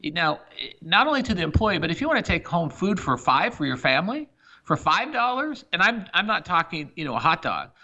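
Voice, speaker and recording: A man's voice: high-pitched, sing-song, fairly quick, pushed and bright, highs cut off. A middle-aged man, a company CEO, talking emphatically through examples as a guest on a business podcast interview.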